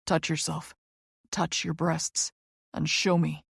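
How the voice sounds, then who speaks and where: Woman voicing a low, gravelly commanding male lover. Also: steady tone, a little slow, darkish tone, dry recording, studio quality. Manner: low, dominant and teasing.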